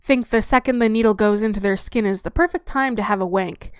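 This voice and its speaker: A woman's voice: mid-range voice, clear, resonant tone, no room sound, studio quality, lightly acted. Woman voicing a chatty vampire girl. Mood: breezy. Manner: rapid breezy patter, crude slang. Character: chatty young-looking woman vampire, brash and blunt.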